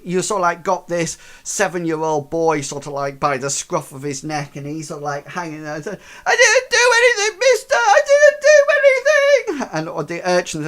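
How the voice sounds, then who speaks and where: A man narrating as game master, with loose rambling phrasing and many fillers. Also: a little high.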